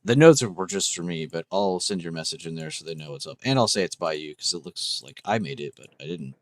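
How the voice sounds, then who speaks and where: A man's voice: deep voice, expressive, fast, dry recording. A young man hosting a trading livestream, chatting casually and enthusiastically with viewers, swearing freely. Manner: casual, profane, enthusiastic, reacting to chat.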